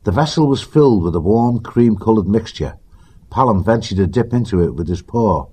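A man narrating an audiobook in a measured, even storytelling manner. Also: lowish voice, husky.

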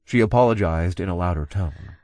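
A young man reads a first-person audiobook in a somewhat low voice. His delivery is easygoing and lightly amused. The recording is dry and close, with no room sound. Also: fairly quick, a little mellow, no echo. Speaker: audiobook narrator. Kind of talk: first-person scripted narration.

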